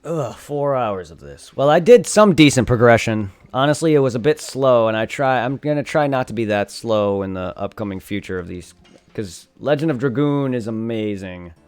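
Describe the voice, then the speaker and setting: A man's voice: medium pitch, expressive, moderate pace, darkish tone, smooth. A young man chatting casually on a live game stream, rambling and correcting himself as he talks into a desktop condenser mic. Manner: rambling, self-correcting, reads game dialogue aloud. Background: faint music and computer fan hum.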